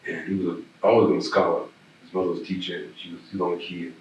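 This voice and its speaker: Deep-voiced Southern man telling stories. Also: level tone, very fast, a little mellow, lo-fi sound. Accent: Southern American. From Birmingham, Alabama. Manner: rambling, repeats words, laughs while telling stories. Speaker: oral history interviewee. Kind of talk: casual storytelling. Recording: echoey room, distant mic, faint hiss.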